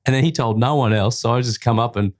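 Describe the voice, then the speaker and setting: A man's voice: medium pitch, fast talker. Chill guy guest on a podcast, easygoing set stories, mid voice. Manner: laid-back, chuckling anecdotes. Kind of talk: casual chat.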